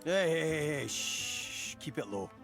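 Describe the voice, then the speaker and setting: An actor playing a furtive male tavern patron in a game who shushes and keeps his voice low. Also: lively intonation, measured pace, faint music behind. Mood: hushed. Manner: hushed, shushing.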